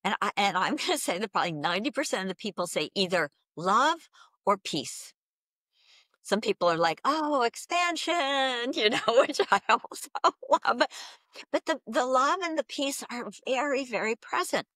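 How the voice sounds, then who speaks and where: Woman, guest, spiritual teacher, animated storyteller, frequent laughter, dry close mic. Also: a little high, normal speed, no room sound. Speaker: guest, Akashic Records teacher. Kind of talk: casual spiritual interview talk.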